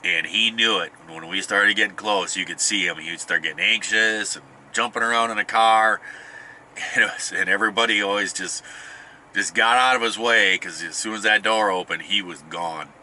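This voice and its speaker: Middle-aged man, deep voice, sharp edgy tone, rambling chat, faint hum behind. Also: steady tone, moderate pace. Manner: rambling, with restarts and chuckles. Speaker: podcast host. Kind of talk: casual storytelling.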